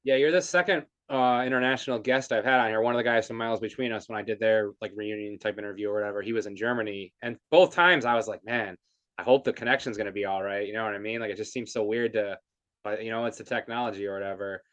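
A man's voice: fairly low pitch, fast, fairly bright tone, muffled recording. A man hosting a podcast, asking questions in a chatty way with lots of fillers. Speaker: podcast host. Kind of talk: casual interview.

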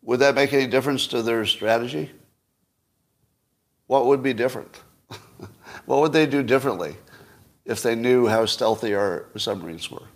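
A man's voice: mid-range voice, normal speed, pauses often. A man talks alone on his own podcast, riffing on current affairs. He is wry and skeptical, lining up rhetorical questions and letting out dry little chuckles between points. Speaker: podcast host. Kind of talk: solo political commentary.

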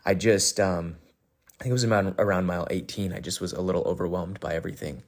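A man's voice: sits low, steady tone, quick pace. A man hosting a podcast, talking casually and candidly in a rambling way, with many fillers and restarts. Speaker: podcast host. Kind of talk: casual monologue recapping a race.

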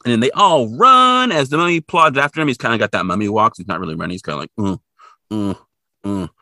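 A man's voice: mid-range voice, rapid-fire, no echo, studio quality. A man co-hosting a podcast, recapping a cartoon episode in casual chat and acting out bits of the story. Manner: animated storytelling with acted-out bits.

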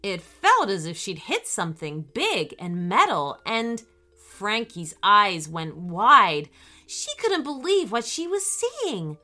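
A woman narrating a children's bedtime story with an animated, expressive delivery. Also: mid-range voice, takes it slowly, faint music behind.

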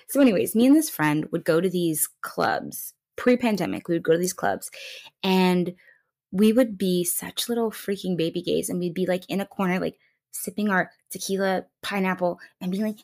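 A young woman hosting a podcast on her own, telling a story in a casual, playful way and jumping high in pitch when she quotes people. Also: normal speed. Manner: animated, playful, swoops high for quoted voices. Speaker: podcast host.

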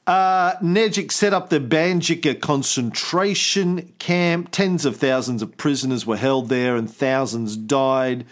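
A man's voice: mid-range voice, measured pace, hardly any pauses. A man hosting a casual history podcast, telling the story in a loose, chatty way with the odd swear word. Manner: animated storytelling, swears, puts on voices for quotes. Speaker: podcast host.

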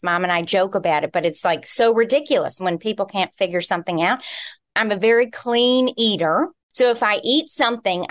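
A young woman co-hosting a podcast, telling a story in an animated, exasperated way. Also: mid-range voice. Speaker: podcast co-host. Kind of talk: casual podcast chat, storytelling.

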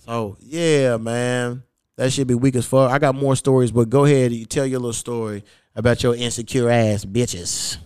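A young man hosting a podcast, telling stories in a profane, animated casual chat and acting out what people said. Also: mid-range voice, moderate pace, smooth, dry recording, clean studio sound. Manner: profane, animated, acts out quoted lines. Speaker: podcast host.

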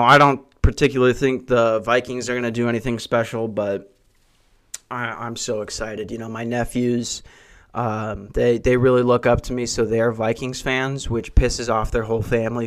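A man's voice: mid-range voice, fairly even intonation, normal speed, fairly bright tone. Male solo podcast host; crude, profane, self-mocking ranter. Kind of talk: solo comedic podcast rant. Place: hot brick house.

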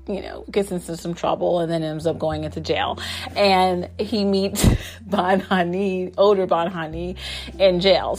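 A woman casually recapping a TV drama, chatty, full of fillers and restarts, often laughing. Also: lowish voice. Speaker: drama reviewer.

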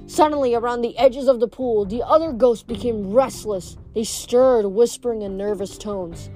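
A woman's voice: fairly high pitch, normal speed, warm tone, soft background music. A woman reading a novel aloud in first person, now and then stumbling and restarting a word. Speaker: reader.

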